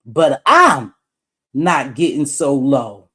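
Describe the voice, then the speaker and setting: A woman's voice: extremely low pitch, very animated, slow pace, bright, forceful tone, husky. A woman hosting a live stream in a blunt, preachy rant, swearing freely.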